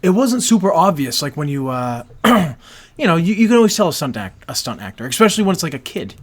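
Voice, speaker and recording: A man's voice: on the high side, sing-song, quick pace. A man co-hosting a casual podcast, asking questions and joking loosely. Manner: asks questions, jokey, loose. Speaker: podcast co-host. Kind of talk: casual movie review chat.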